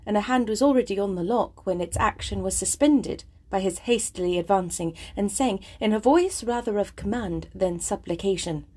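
A woman's voice: medium pitch, normal speed, few pauses, mellow, slightly rough. A woman reading a classic novel aloud, chatting casually and eagerly before she starts the chapter. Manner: chatty, self-deprecating, eager. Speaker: audiobook reader. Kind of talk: casual intro then novel narration.

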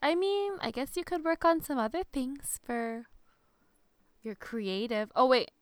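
Slow-talking woman, dry close sound. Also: high-pitched, animated, clear, resonant tone, no room sound. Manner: laughs often, says "like" a lot. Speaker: podcast co-host. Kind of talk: casual chat.

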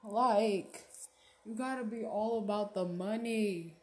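Slow-talking blunt woman ranting. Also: medium pitch, echoey room. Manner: blunt, profane, laughing, slangy. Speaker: podcast host. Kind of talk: casual motivational rant.

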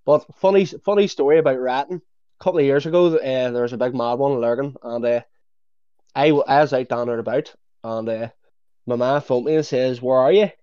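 Cheeky Northern Irish co-host. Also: male voice, mid-range voice, fairly quick, mellow, smooth, no room sound. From Northern Ireland. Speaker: podcast co-host. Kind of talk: casual podcast chat. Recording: dull lo-fi audio.

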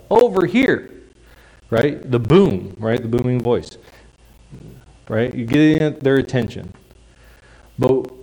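A male preacher giving a sermon in a conversational, explanatory way, dropping into soft hushed tones for quiet phrases. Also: medium pitch, poor audio. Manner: conversational, drops to a soft hush for quiet lines.

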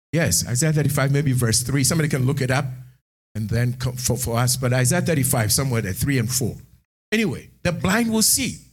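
A man preaching a sermon in church, animated, moving between hushed asides and shouted lines. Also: mid-range voice, breathy edge. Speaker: pastor.

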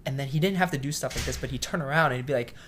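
A man who works as a cook, telling a story in a casual interview. He acts out the voices in his story, sometimes loudly, and calls himself shy. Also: mid-range voice, rapid-fire, slight background noise. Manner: self-described shy.

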